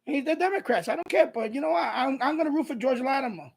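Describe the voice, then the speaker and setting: A man's voice: very high-pitched, animated, fast, gravelly. A man, hosting a live stream, ranting bluntly and combatively with lots of swearing. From New York. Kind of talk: casual ranting monologue.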